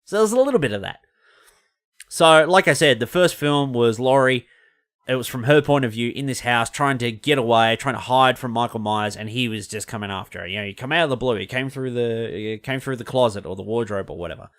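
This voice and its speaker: A man's voice: mid-range voice, brisk, fairly bright tone. A man hosting a podcast, chatting casually through a film review in a loose, rambling way and correcting himself mid-sentence. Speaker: podcast host.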